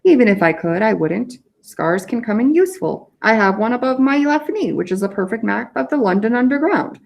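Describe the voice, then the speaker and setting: A woman voicing a calm, dryly humorous elderly male wizard headmaster, read from a storybook. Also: fairly high pitch, brisk, vocal fry, muffled recording. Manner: calm, dry, gently humorous. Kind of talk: storybook reading aloud.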